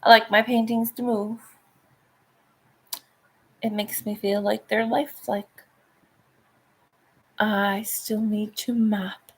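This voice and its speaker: A woman's voice: medium pitch, little pitch movement, takes it slowly, pauses often, breathy edge. A middle-aged woman chatting casually while she paints, swearing freely and laughing often. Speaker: painting vlogger.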